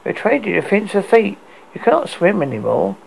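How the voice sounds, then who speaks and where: A man's voice: sits high, big pitch swings, normal speed, creaky, slight background noise, voice pushed up, exaggerated voice, low-quality recording. A man voicing a spiteful, bossy little crustacean with a scornful, snapping manner.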